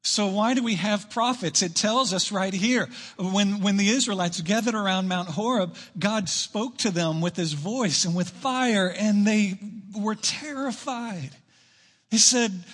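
A man preaching a sermon to his church, emphatic, rushing through asides and slowing down to stress key lines. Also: high voice, a bit bright. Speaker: pastor. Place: church sanctuary.

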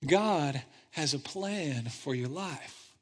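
High-voiced male pastor preaching in a reverberant hall. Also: expressive, slow pace, breathy edge. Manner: swings between loud urgent preaching and hushed intensity. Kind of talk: sermon. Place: church sanctuary.

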